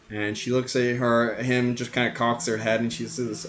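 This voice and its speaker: A man narrating as game master of a tabletop role-playing game, relaxed and halting with many fillers. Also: mid-range voice, soft background music.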